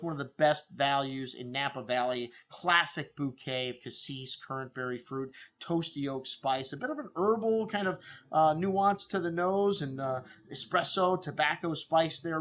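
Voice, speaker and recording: A man's voice: mid-range voice, a bit bright. A middle-aged man hosting a wine shop video, going through tasting notes in a loose, rambling way full of fillers.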